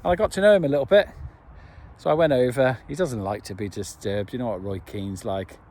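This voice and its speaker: A man's voice: mid-range voice, fairly quick, a little mellow. A man chatting cheerfully and jokily while filming his camp outdoors on a phone. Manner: chatty, jokey, enthusiastic. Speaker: camping vlogger. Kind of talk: casual vlog chat. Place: outdoors at a back-garden camp. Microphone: phone camera.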